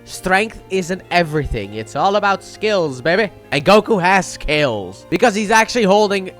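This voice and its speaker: Male recapper, high voice, mildly sick, loose and chatty, slips into playful character voices. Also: big pitch swings, normal speed, a bit bright, faint music behind. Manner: chatty, rambling, acts out quotes in playful voices. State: a little sick. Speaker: anime reviewer. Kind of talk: casual episode recap.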